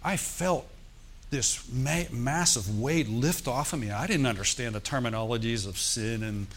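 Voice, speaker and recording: A man's voice: mid-range voice, unhurried, a little hiss or hum. A man, a pastor, preaching a sermon in a church, telling a personal story and rising into emphatic exhortation.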